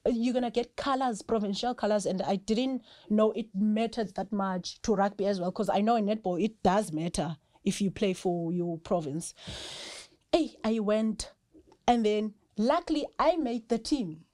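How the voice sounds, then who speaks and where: A South African woman, a rugby player guesting on a podcast, telling lively stories and often breaking into laughter. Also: medium pitch, moderate pace, no echo, clean studio sound. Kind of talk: casual storytelling chat.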